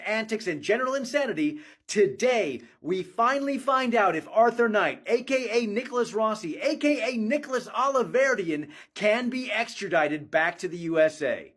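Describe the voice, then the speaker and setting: A man's voice: high voice, husky. A man recapping court news in a wry, sarcastic commentary style. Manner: sarcastic, animated storytelling. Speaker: vlogger covering court news. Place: Scotland.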